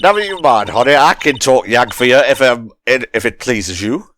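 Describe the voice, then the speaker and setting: A man's voice: medium pitch, animated, normal speed, fairly bright tone, slight background noise, close to an everyday voice. Spirited Southern woman, exaggerated drawl, read by a man, sassy and pushy. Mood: chummy. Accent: put-on Southern US drawl. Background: game music.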